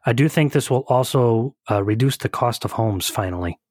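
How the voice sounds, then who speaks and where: A man's voice: mid-range voice, normal speed, a little mellow, dry recording, clean studio sound. A man in casual podcast conversation, a home inspector who hedges his guesses plainly. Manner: conversational, hedging, chuckles.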